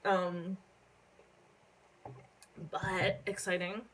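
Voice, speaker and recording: A young woman from Canada telling a casual story on her phone vlog, rambling with lots of fillers and casual swearing while she hiccups and keeps clearing her throat. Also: fairly low pitch, little pitch movement, extremely slow, fairly bright tone, rough recording. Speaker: vlogger.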